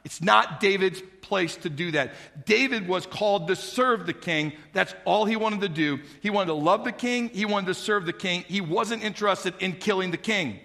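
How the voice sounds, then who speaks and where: High-voiced preacher in a reverberant hall. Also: male voice, moderate pace, creaky, hardly any pauses. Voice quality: lively, acts out the characters' lines in changed voices. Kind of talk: sermon storytelling.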